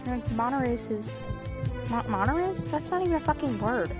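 High, lively woman streamer over music. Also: normal speed. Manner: playful, whiny, swears a lot, laughs often. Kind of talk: casual gaming stream chat.

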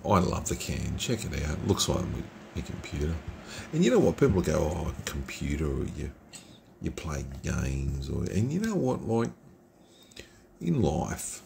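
Deep gravelly man, unhurried, chatty beer reviewer, middle-aged, from australia, faint hiss behind. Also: darkish tone. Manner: rambling, chatty and informal. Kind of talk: casual beer review vlog. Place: computer room at home, at night.

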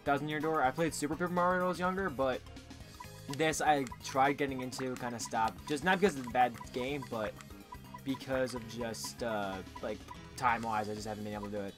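A young man co-hosting a game playthrough in a relaxed, joking way. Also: mid-range voice, fairly quick, music in the background. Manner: laid-back, joking. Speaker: let's play co-host. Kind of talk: casual gameplay commentary.

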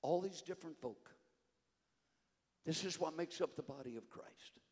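An older man preaching a sermon, fervent, rising to shouts and dropping low. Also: moderate pace. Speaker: conference preacher. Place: church sanctuary. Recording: long hall reverb, faint music behind.

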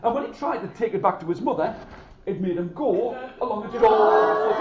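A man telling a folk tale to children, dramatic and lively, often calling on the audience to join in. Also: extremely high pitch, fairly quick, echoey room, muffled recording, over a noisy crowd. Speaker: storyteller. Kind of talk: animated storytelling to children.

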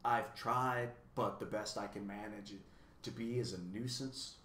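A man's voice: mid-range voice, animated, moderate pace, fairly bright tone, slight background noise, natural voice. A man voicing a pesky, dirty male bird who cackles and twists everyone's words, in a roomy recording.

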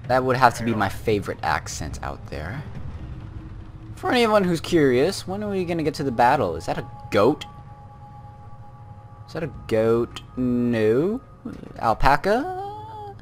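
A man's voice: medium pitch, big pitch swings, measured pace, pauses often, faint music behind. A man giving casual let's play commentary on a war game, full of chatty, rambling asides.

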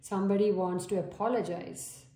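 Woman, tarot reader, mellow voice, earnest and coaxing, echoey room. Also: mid-range voice, fairly even intonation, moderate pace. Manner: earnest, coaxing, often asks "okay?". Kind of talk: tarot reading to camera. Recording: roomy echo.

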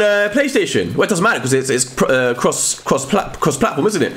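A man giving excitable live commentary while streaming a game, often shouting and exclaiming. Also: fairly high pitch, a little fast, hardly any pauses, a little hiss or hum. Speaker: gaming streamer.

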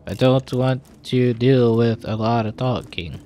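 A man's voice: mid-range voice, unhurried, mellow, a little hiss or hum. A man hosting his own gaming channel, casually commenting on his play and grumbling back at the game's characters.

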